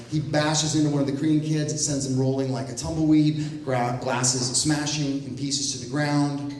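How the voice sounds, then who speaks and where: A man performing a comic story live, with animated delivery and wry asides. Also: mid-range voice, slight background noise. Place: event room at a library. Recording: very echoey room, heard from a distance.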